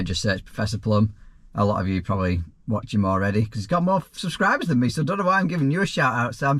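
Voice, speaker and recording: A man's voice: medium pitch, fairly bright tone, no echo. A man, a self-employed plumber, answering viewer questions in a casual, rambling vlog with dry asides. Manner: easygoing and rambling, with frequent restarts and dry asides.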